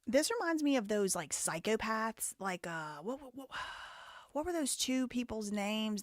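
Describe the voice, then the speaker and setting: A woman's voice: a little high, very animated, a little slow, dry recording. Outspoken woman host, live commentary, hot-tempered and profane, dry close sound. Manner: heated, blunt and profane. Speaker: show host.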